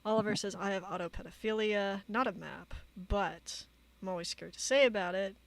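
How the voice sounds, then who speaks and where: A woman streamer giving casual commentary, reading out chat logs in a halting way with many fillers. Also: mid-range voice, vocal fry. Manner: halting, many fillers, reads quotes flatly.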